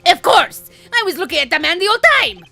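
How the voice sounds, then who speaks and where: A woman voicing a flamboyant, excitable male French passenger in a put-on French accent, with a haughty, theatrical delivery. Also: a little high, brisk, faint music behind, heavily acted. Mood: indignant. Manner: haughty, theatrical, loud bursts.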